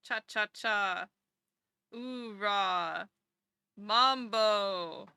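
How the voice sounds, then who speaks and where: A woman's voice: on the high side, takes it slowly, long pauses, bright, forceful tone, smooth, dry recording. A woman streamer in casual live-stream chat, talking to her chat and cooing baby talk at her cat.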